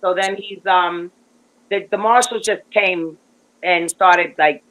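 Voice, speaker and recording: A woman guest telling a long story in casual chat, animated and rambling, with lots of fillers and restarts. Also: fairly low pitch, slow, low-quality recording.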